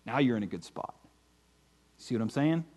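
A man's voice: medium pitch, animated, moderate pace, warm tone. A man teaching an informal sermon, earnest and searching for words, often asking whether listeners follow. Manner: earnest, searching for words, often checks "do you see what I'm saying". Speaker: Christian teacher.

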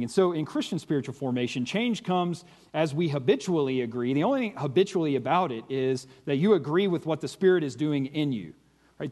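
A man with a somewhat high voice gives a conversational sermon-style teaching. He talks earnestly, rephrasing and restarting as he goes. He often pauses to ask his listeners whether they follow him. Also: a little mellow. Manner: earnest, searching for words, often checks "do you see what I'm saying". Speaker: Christian teacher.

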